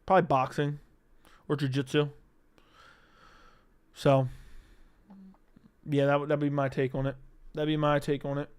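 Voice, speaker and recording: A man's voice: a little high, flat delivery, a little slow, pauses often, clean tone, no echo. A young adult man hosting a live stream, chatting casually and profanely while reading out viewer comments. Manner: casual, profane, reads chat comments aloud. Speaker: livestream host.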